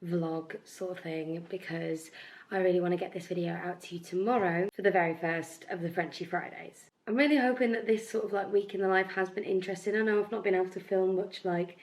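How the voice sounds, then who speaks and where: A woman's voice: lowish voice, fairly even intonation, brisk, darkish tone. A young woman from the UK chatting casually in a vlog about musical rehearsals, bubbly and filled with "like", sounding a little bunged up and tired. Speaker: vlogger, musical theatre performer.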